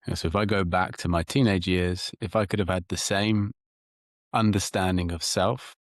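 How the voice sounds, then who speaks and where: A man with a very low voice, speaking as a podcast guest in a measured, thoughtful way. He often circles back over his words while he gathers his thoughts. The sound is close and dry. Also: fairly even intonation, no echo. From England. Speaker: psychotherapist guest. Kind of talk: reflective interview talk.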